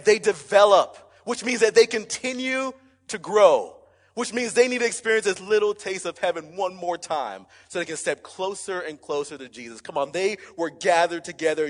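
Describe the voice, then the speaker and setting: A young man preaching a sermon as pastor, emphatic and energetic, calling out to the congregation. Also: high voice. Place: church sanctuary. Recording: church hall with long reverb.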